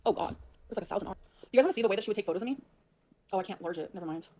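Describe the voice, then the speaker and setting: Fast-talking flustered woman on a livestream. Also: medium pitch, expressive, mellow. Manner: flustered, rambling, swears a lot. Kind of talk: rambling livestream talk to viewers.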